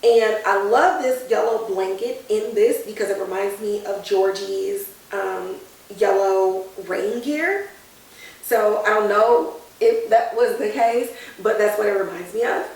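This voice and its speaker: Woman podcast host, animated slangy recapper, recorded off-mic in a very reverberant space. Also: medium pitch, unhurried, distant mic. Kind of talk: casual TV episode recap. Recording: very echoey room, off-mic.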